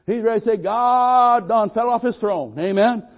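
A frightened young servant quick to give up, as a man voices him in a sermon. His voice jumps high above the preacher's own and he drags out every whiny complaint. The recording sounds dull and muffled. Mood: panicked. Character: panicky young male servant, quick to despair.

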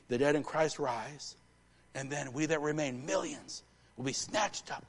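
A male pastor delivering a live church sermon with emphatic repetition, swinging from hushed lines to rousing ones. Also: on the high side, moderate pace. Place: church sanctuary.

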